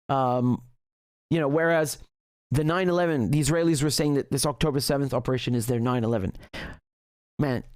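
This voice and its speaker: A man hosting a casual livestream, reading viewer messages aloud with lively, restarting speech. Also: on the high side, no echo, clean studio sound. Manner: animated, frequent restarts and laughter. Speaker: livestream host reading super chats.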